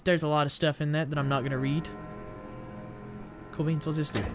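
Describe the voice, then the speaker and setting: A man's voice: on the high side, flat delivery, a little fast. Chatty young man rambling over game music. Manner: rambling, self-mocking, blurts out frustration. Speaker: gamer playing through a shooter. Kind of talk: casual let's-play commentary. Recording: game music playing behind.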